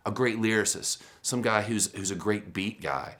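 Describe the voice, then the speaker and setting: A man in his fifties giving a motivational keynote, telling stories in an animated, self-deprecating way with rhetorical questions. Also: lowish voice, moderate pace. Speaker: keynote speaker.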